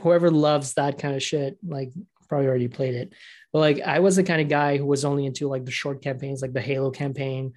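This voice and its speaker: A man co-hosting a podcast in casual chat, excitable, laughing often and restarting his sentences. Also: mid-range voice, fast. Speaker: podcast co-host.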